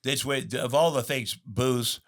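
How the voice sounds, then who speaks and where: A man's voice: mid-range voice, fairly even intonation, measured pace, fairly bright tone. Rambling middle-aged man telling stories. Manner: rambling, many fillers and restarts, acts out quotes. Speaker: guest. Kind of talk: candid storytelling interview.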